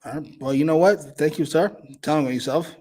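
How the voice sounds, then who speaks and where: A man's voice: fairly high pitch, normal speed. A man co-hosting a wrestling review show in casual chat, ranting with heavy profanity. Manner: profane, animated rants.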